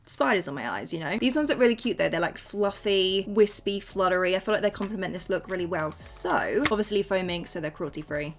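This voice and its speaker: A woman's voice: lowish voice, lively intonation, brisk, hardly any pauses, noisy background. A woman talking casually through a makeup tutorial, chatty and bubbly as she speaks straight to her viewers. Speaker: beauty vlogger.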